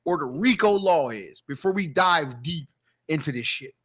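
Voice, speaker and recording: A man's voice: fairly high pitch, lively intonation, moderate pace, fairly bright tone. A man hosting a casual podcast, playful and profane as he prompts the others. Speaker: podcast host.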